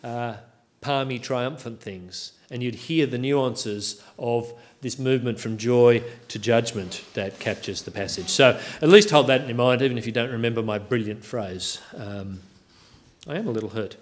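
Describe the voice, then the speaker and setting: A man's voice: mid-range voice, moderate pace. Male preacher, wry self-deprecating asides, sermon delivery.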